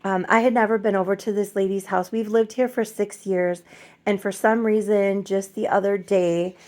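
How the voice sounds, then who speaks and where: A middle-aged woman chatting casually in a home vlog, soft-spoken and gently emotional, rambling with many fillers. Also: mid-range voice, steady tone, normal speed. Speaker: doll collector vlogger.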